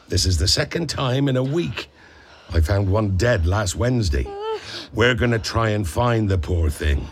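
This is a huge, gruff gamekeeper with a soft heart, from a storybook reading, done by a man. He talks bluntly, in a plain, rustic way. His voice sits low but moves about a lot. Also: slight background noise. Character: big gruff kind-hearted male gamekeeper.

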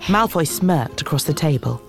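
A woman narrating a children's novel in a measured, expressive reading. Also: low voice, creaky, faint music behind. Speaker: audiobook narrator. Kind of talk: storybook narration.

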